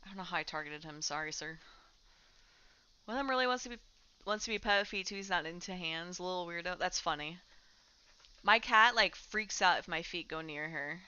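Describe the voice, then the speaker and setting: Woman streamer, chatty gaming talk, bright and smooth voice, dull lo-fi mic. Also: lowish voice, fairly quick. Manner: chatty, talks to her cat while playing. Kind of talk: casual chat while gaming.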